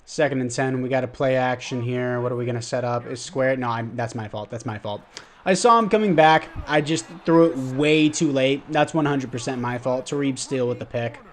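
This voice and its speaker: A young man, a gaming YouTuber, casually commentates his football video game, calling the plays and blaming himself with frustrated outbursts when he slips up. His medium-pitched voice moves a little fast over slight background noise.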